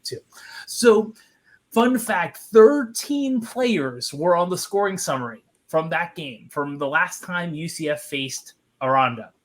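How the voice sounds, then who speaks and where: A man co-hosting a sports podcast, running a trivia segment with a teasing, dryly sarcastic manner. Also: mid-range voice. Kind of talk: casual sports podcast chat.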